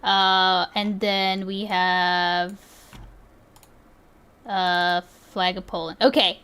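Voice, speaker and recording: Giggly slow-talking female streamer. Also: mid-range voice, fairly bright tone. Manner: giggly, thinking aloud, many restarts. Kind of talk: casual live-stream chat.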